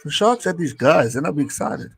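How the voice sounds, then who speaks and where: A man's voice: fairly high pitch, lively intonation, a little fast, vocal fry, slightly rough, rough recording. A young man giving casual live watch-along commentary on a rugby match, chatting with viewers and reading out their messages.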